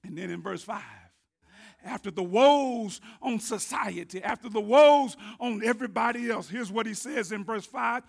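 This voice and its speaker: A man preaching a sermon, his voice not working well, building to shouted emphasis. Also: sits high, moderate pace, vocal fry.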